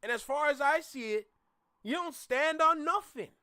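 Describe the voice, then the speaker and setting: Brief: man co-hosting a reaction show, high tense voice, animated and mocking, dry close sound. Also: normal speed, dry recording. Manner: animated, mocking, laughs often. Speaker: co-host reacting to a clip. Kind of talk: casual commentary.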